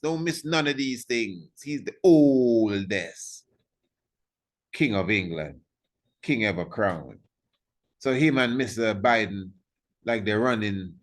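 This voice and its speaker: Man lecturing on history, slow and deliberate, pitch jumping all over, keeps quizzing the listener. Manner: emphatic, repeats points, asks the listener rhetorical questions.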